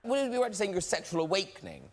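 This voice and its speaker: A man's voice: high voice, huge pitch swings, very fast. A man hosting a TV chat show, asking guests wry, teasing questions. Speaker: talk show host. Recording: TV studio with loud audience laughter.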